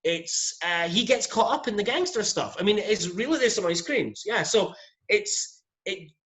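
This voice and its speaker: Scottish man, higher-pitched, chatty opinionated podcast guest. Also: animated, moderate pace, a bit bright. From Scotland. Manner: chatty, opinionated, keeps asking "you know what I mean". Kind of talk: casual podcast chat.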